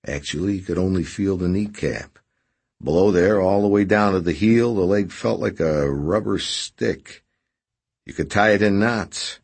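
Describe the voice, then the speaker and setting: A male audiobook narrator with a very low, gravelly and husky voice. He reads the story with a lively, expressive rise and fall, in scripted narration. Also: unhurried.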